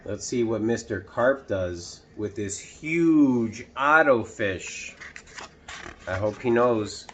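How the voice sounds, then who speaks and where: A man reading a picture book aloud to children, pausing to ask the listener questions. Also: lowish voice, expressive, slight background noise. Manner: slow, asks the listener questions. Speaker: children's storytime reader.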